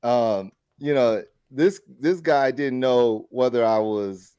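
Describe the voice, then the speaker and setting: A middle-aged man co-hosting a casual talk show, telling a story with lively energy. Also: medium pitch, takes it slowly, clean tone. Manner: animated storyteller who acts out quoted people. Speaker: podcast co-host.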